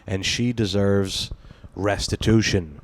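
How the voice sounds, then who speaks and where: A man with a deep, low voice hosts a casual podcast, rambling through loose banter, swearing freely and breaking into laughter. The sound is dry and close, with no room around it. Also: fairly even intonation, slow, dry recording. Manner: rambling, profane, laughs often. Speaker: podcast host. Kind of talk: casual chat.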